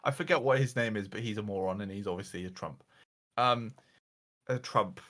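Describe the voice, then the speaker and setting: A man's voice: fairly low pitch, moderate pace, fairly bright tone. Exasperated swearing man ranting. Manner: exasperated, swears often, mocking quotes. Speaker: reviewer and slide presenter. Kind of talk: casual comedic rant.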